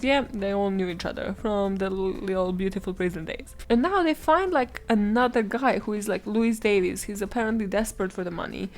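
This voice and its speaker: A woman hosting a solo podcast, telling a crime story with sarcastic, swearing asides. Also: mid-range voice. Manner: animated, swearing, sarcastic asides, frequent laughs. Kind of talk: comedic true-crime monologue.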